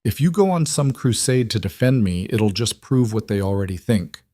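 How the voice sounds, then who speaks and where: A man's voice: medium pitch, sing-song, normal speed, a little mellow, dry recording, clean studio sound, voice pushed up. A man voicing a hurt, fierce young woman, raising his voice and sounding strained, pleading and bitter. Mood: anguished.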